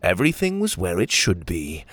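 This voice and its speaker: A man narrating a children's adventure story in an animated way, voicing each character. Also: low-pitched, normal speed, no room sound.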